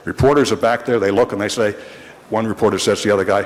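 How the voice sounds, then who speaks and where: Older guy rambling thru old reporter stories, dry wit, lowish voice echoing around a big council hall. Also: steady tone, quick pace. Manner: rambling, wry, with frequent restarts. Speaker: longtime city reporter addressing the council. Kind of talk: anecdotal storytelling. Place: city council chamber. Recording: reverberant council chamber.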